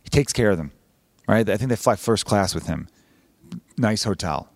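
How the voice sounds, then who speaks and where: A man's voice: fairly low pitch, lively intonation, normal speed, dry recording. A man hosting a podcast, talking in a casual, rambling, wry comedic monologue full of swearing. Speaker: podcast host.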